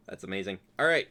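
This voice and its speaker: A man's voice: lowish voice, a bit bright. A man narrating a tabletop game as dungeon master, describing the action with many fillers.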